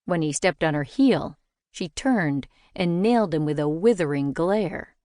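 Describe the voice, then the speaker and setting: A woman narrating a mystery novel in a measured, even storytelling delivery. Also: sits low, no echo, clean studio sound. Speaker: audiobook narrator. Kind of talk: scripted narration.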